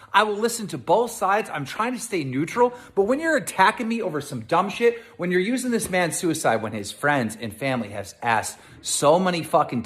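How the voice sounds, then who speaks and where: A man's voice: a little high, fairly bright tone. A man in an angry, profane rant, talking heatedly and repeating himself. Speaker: online show host in a clip. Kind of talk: angry ranting video.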